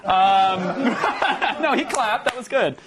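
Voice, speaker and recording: Lively, high-voiced joking male host. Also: takes it slowly, heavy background noise. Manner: goofy, self-mocking, laughs often. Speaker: TV show co-host. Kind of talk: joking studio banter.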